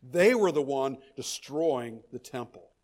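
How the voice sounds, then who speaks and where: A male pastor preaching an expository sermon, animated and emphatic, often repeating words as he restarts a thought. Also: mid-range voice, a little slow.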